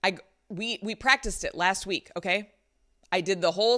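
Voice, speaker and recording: A young woman vlogger telling a story in an animated, exasperated way, full of likes, recorded on a laptop's built-in mic. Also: mid-range voice, normal speed. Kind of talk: storytime vlog.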